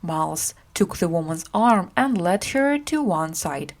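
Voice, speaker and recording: A woman reading a simplified classic story aloud for English learners, acting out the characters as she goes. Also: unhurried. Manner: acts out characters with lively pitch.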